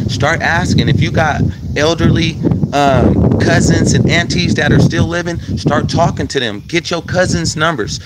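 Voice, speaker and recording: A man's voice: mid-range voice, a bit bright, slight background noise, rough recording. A man, talking loosely and conversationally to his viewers as a video host. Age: 40s. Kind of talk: casual talk to viewers.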